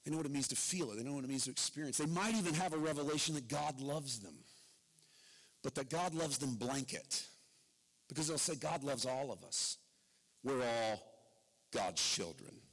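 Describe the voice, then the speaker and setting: Man preaching in a reverberant church. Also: normal speed. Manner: wide swings between loud emphatic and low quiet delivery. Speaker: pastor. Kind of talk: sermon. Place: church sanctuary. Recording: long reverb of a large hall.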